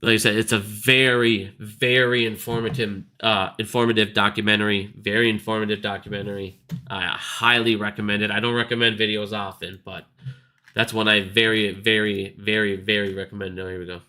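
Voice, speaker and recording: A man's voice: on the low side, little pitch movement, a little fast, pushed and bright. A man hosting his own market video, ranting casually in a blunt, profane, scornful way. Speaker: stock market video host.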